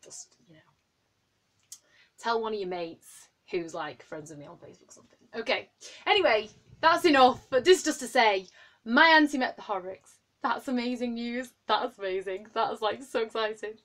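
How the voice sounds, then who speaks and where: A woman in her late twenties chatting to camera in a rambling, excitable way, full of ums and likes. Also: on the high side, moderate pace. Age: 20s. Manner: rambling and excitable, heavy with fillers. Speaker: vlogger. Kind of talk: casual chat to camera.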